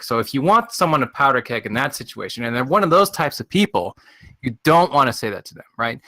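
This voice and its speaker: A man's voice: medium pitch, expressive, moderate pace, pushed and bright, no echo. A man chatting casually on a group call, rambling through an explanation.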